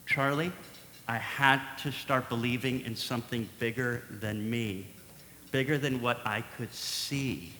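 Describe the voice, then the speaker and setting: A man voicing a calm, earnest male surgeon in his late forties, speaking in a quiet, measured, reassuring way. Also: medium pitch, voice pushed down. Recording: echoey hall with faint noise.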